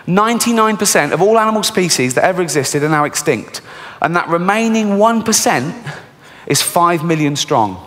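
English comedian, crude deadpan stand-up. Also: male voice, a little high. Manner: crude, swearing, dark deadpan jokes. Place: large theatre stage. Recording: reverberant live theatre recording, faint hiss.

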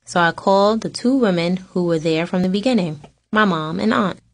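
A woman author reading a story from her book aloud, with expressive, dramatic, self-mocking delivery. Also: fairly low pitch, normal speed.

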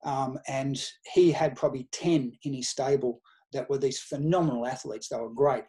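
A middle-aged Australian man, a nutrition researcher and coach appearing as a podcast guest, tells anecdotes in a casual interview by quoting past conversations. His medium-pitched voice is steady and warm at a moderate pace, suiting this conversational storytelling.

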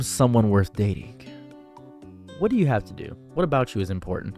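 A man's voice: on the low side, expressive, fast talker, a little mellow, faint music behind. A man hosting a commentary video, lecturing on dating in a sarcastic, preachy way and mocking others with exaggerated voices. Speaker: commentary channel host.

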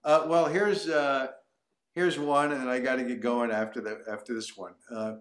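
Comedian in an echoey room. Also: male voice, medium pitch, fairly even intonation, moderate pace. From United States. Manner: repeats short phrases. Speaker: comedian guest. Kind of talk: casual interview chat.

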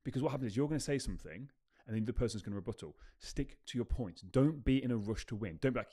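A man's voice: medium pitch, animated, quick pace, dark tone. A man hosting a self-help podcast, speaking emphatically and repeating his key phrases for effect. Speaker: podcast host. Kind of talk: motivational self-help talk.

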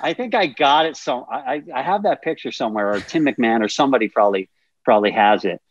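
A man in his fifties, a podcast guest, telling stories in a lively, profane way and acting out the scenes. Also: mid-range voice, fast talker, muffled recording. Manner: animated, profane, acts out scenes. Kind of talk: casual storytelling.

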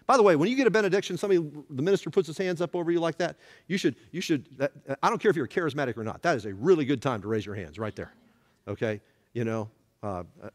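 A man's voice: mid-range voice, big-room sound. A man teaching a church Bible study, asking the room questions as he goes. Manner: animated, asks the room questions. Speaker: pastor.

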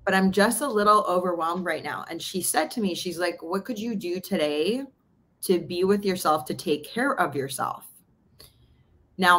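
A woman's voice: lowish voice, normal speed. A woman podcast host from Canada, candidly telling a personal story in a casual interview. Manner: candid, storytelling, animated retelling of dialogue.

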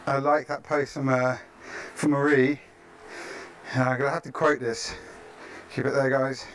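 A man's voice: medium pitch, flat delivery, unhurried, fairly bright tone, a little hiss or hum. A man coaching a live-streamed workout, chatty and encouraging, often checking in with "yeah?". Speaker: fitness coach. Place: outdoors, in the tropics.

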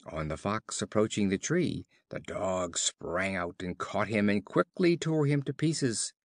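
Man reading fables aloud, slow and clear, lively pitch, dry close sound. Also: no room sound. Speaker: storyteller. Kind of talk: scripted fable narration for learners.

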